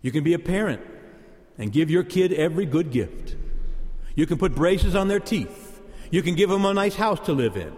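A man's voice: fairly high pitch, expressive, normal speed, darkish tone. A man preaching a sermon as pastor, emphatic and repeating key words for punch. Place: church. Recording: long church reverb.

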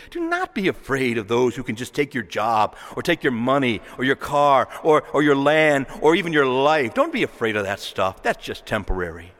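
A man's voice: medium pitch, fairly bright tone. A man preaching a sermon in a church, emphatic and building to impassioned exhortation. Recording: echoey church reverb.

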